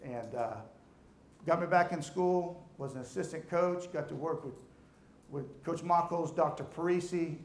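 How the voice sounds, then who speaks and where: A middle-aged man with a gravelly, slightly raised voice speaks earnestly to a room full of listeners, often stumbling over the first words of a sentence. The room echoes around him, and a faint rumble sits underneath. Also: measured pace. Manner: earnest, repeats words when starting sentences. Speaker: alumnus speaker. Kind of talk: motivational speech to an audience. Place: room with an audience.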